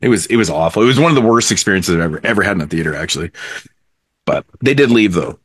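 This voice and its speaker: A man's voice: sits low, lively intonation, very fast, fairly bright tone, slightly rough. A man in casual podcast chat, telling a story bluntly and swearing heavily. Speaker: podcast co-host.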